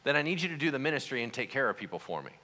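Gentle patient teacher, quiet voice, soft-spoken, bright tone, echoing hall, voiced by a preacher. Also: male voice, medium pitch, very animated, very fast, pitched below the performer's own voice. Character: calm gentle male teacher questioning a friend.

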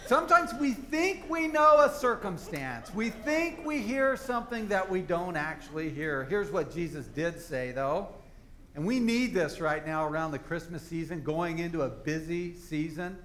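Pastor guy preaching, chatty storyteller, voice a bit on the high side. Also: expressive, moderate pace, a bit bright, slight background noise. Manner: conversational, folksy storytelling. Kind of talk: sermon. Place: church service.

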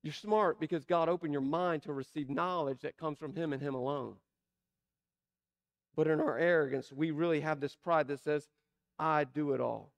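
A man preaching a sermon, asking emphatic rhetorical questions and slowing down to stress key words. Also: fairly high pitch, steady tone. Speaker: pastor.

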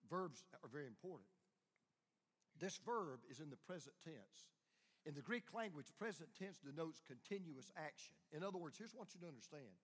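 A man preaching a sermon as a pastor, swinging from hushed, close lines to loud, rising calls to the congregation. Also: on the high side, slightly rough. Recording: long hall reverb.

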